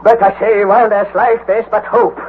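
An actor playing an older, scholarly explorer uncle, commanding and unshakably hopeful, in grand old-time radio drama style. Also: male voice, sits high, flat delivery, normal speed, lightly acted. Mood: resolute. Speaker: uncle of the narrator. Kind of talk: 1940s radio acting. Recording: tinny old radio broadcast, faint hiss.

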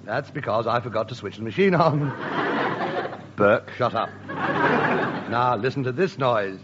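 A man performing radio sketch comedy with a brisk comic delivery. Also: mid-range voice, sing-song, muffled recording, heavy background noise.

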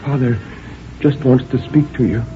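A man's voice: mid-range voice, normal speed, voice pushed up, close to an everyday voice. A man voicing a worried grown daughter at her mother's deathbed, pleading and soothing. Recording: tinny old radio recording.

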